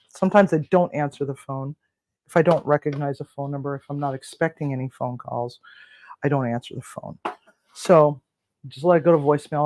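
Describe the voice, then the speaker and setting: Casual storyteller, cooking host; mid pitch, chatty, acts out dialogue. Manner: chatty, relaxed, acts out both sides of phone calls; frequent fillers and restarts.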